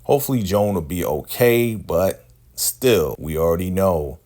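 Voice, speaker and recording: A man casually recapping a TV episode in a slangy, animated way, often checking in with "right?". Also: low-pitched, unhurried. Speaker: show recap host.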